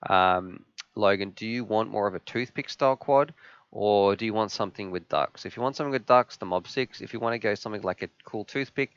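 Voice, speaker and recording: A man's voice: on the low side, a bit bright, dry recording, muffled recording. A man hosting a casual live stream, answering viewer questions in an enthusiastic, chatty way.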